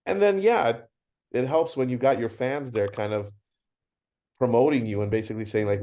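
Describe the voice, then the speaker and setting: A man's voice: mid-range voice, normal speed. A middle-aged man, a convention founder, telling stories in a casual interview and acting out the dialogue in them. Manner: animated storyteller acting out dialogue.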